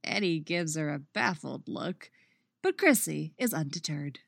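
A woman reading her own romance story aloud, expressive in the narration and chatty and self-mocking in her afterword. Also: low voice, a little slow, creaky, dry recording, studio quality. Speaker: fan fiction reader and writer.

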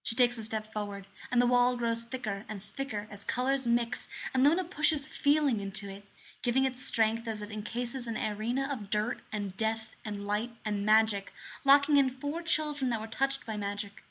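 Female audiobook narrator with a slightly high voice, reads fiction with measured, expressive delivery. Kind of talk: dramatic fiction reading.

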